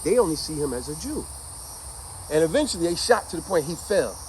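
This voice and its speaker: Man, casual storyteller, high voice, very expressive pitch, faint crickets behind. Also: fairly quick, noisy background. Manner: animated, conversational, addresses listeners as y'all.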